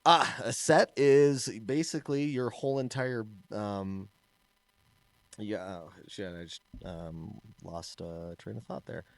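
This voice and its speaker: A man co-hosting a casual podcast, an animated storyteller who laughs often and trails off and restarts. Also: on the low side, slow, creaky, no echo. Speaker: podcast co-host, martial arts instructor.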